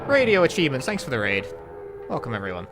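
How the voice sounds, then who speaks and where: A man's voice: medium pitch, huge pitch swings, fast, over music. A man with a London accent chatting casually while playing a game on a live stream, rambling, wry and swearing now and then. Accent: London English. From London, England. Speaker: speedrunner streamer.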